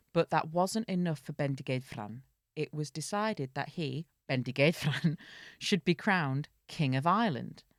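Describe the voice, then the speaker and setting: Low-voiced woman reading folklore aloud. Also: dry recording, clean studio sound. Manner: chatty narration with quick jokey asides. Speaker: podcast host. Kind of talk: casual storytelling podcast.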